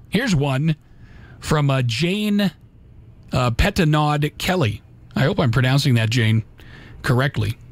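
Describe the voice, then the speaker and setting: A man hosting a live radio talk show, reading holiday memes aloud in a folksy, casual way with little asides. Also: mid-range voice.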